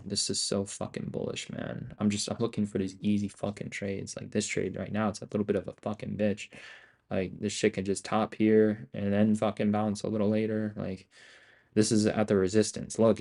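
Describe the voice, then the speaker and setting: A man's voice: fairly low pitch, a little mellow. Profane, restless young man calling live trades. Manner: profane, slangy, restless, thinking aloud. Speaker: day-trading streamer. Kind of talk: live trading commentary.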